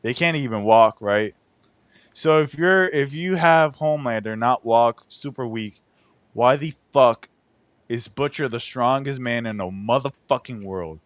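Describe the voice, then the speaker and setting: A man's voice: mid-range voice, unhurried, no echo. A man hosting a casual podcast chat, ranting in a profane, incredulous way. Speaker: podcast host.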